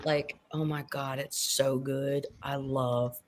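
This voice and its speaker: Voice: mid-range voice, little pitch movement, slow. A young adult on a casual online chat panel, rambling and gushing with lots of fillers. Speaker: panel guest.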